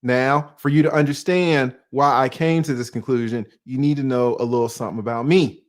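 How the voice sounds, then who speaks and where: A man's voice: medium pitch, fairly even intonation, fairly quick. A man in his forties with a Southern US accent talks straight to his viewers in a loose, conversational monologue. He sits in the middle of the male range and keeps asking himself questions before answering them. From Atlanta, US South. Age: 40s. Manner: conversational, poses rhetorical questions, uses slang. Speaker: online commentator. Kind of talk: casual monologue commentary.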